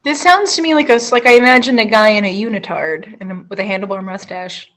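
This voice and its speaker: A woman's voice: mid-range voice, fast talker, fairly bright tone, poor audio. A woman co-hosting a casual food news podcast, playful and jokey. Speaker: podcast co-host.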